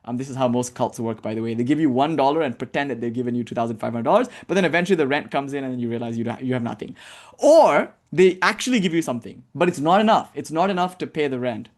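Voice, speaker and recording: A man teaching a casual spiritual lecture, animated and blunt, who swears now and then and acts out examples. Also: mid-range voice, fast.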